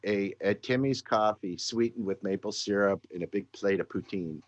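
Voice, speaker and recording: A man's voice: on the low side, moderate pace, no room sound, highs cut off. A tired Canadian man hosting a casual show, grumpy and dry, swearing now and then. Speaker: podcast host. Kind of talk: casual chat.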